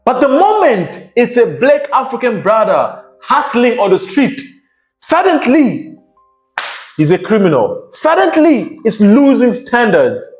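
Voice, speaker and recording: A man's voice: very high voice, very animated, a little slow. A man hosting an opinion commentary, talking emphatically and repeating his points for effect, like a lecture. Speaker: commentary channel host. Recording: roomy echo with faint music behind.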